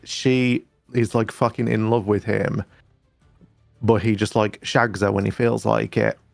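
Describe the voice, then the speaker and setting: Gravelly Geordie man gossiping while gaming. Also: fairly low pitch, little pitch movement, unhurried, no echo, faint music behind. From North East England. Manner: gossipy, sweary storytelling. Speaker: streamer. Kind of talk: casual gaming chat.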